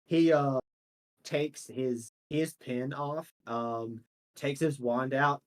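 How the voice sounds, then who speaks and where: A man's voice: mid-range voice, steady tone, takes it slowly. A man running a tabletop game as game master, narrating in a loose, chatty way with many fillers.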